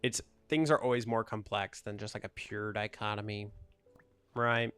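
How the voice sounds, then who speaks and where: A man's voice: on the low side, level tone, moderate pace, a bit bright, smooth, no room sound, faint music behind. A young man chatting casually over his gameplay, rambling, joking and ranting about whatever comes up. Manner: rambling, jokey, ranting asides. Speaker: gaming YouTuber.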